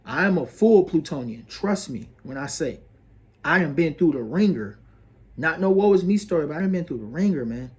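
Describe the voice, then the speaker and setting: A man's voice: on the high side, a little mellow. A man hosting an astrology video, earnest and preachy, repeating phrases and calling the listener bro and sis. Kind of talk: motivational astrology monologue.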